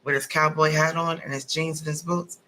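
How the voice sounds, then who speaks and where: A woman giving a casual tarot card reading, blunt and animated, swearing freely as she talks. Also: low voice, moderate pace, slight background noise, low-quality recording. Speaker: tarot reader.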